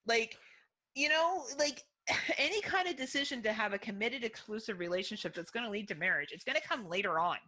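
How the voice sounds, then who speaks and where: Young woman podcast cohost, blunt and sweary, bright voice, bouncy pitch. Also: lively intonation, a little fast. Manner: blunt, profane and frequently laughing. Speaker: podcast co-host. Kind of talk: casual chat.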